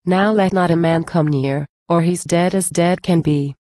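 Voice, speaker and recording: A woman reading as Robin Hood, calm and fearless. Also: lowish voice, unhurried, no echo, clean studio sound, close to an everyday voice. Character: bold, cheerful outlaw hero Robin Hood.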